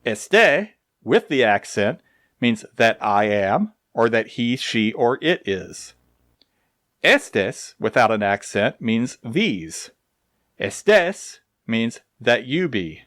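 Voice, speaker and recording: A man explaining grammar in a slow, deliberate recorded lesson, with touches of dry humor. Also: medium pitch, big pitch swings, fairly bright tone, dry recording. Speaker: Spanish teacher.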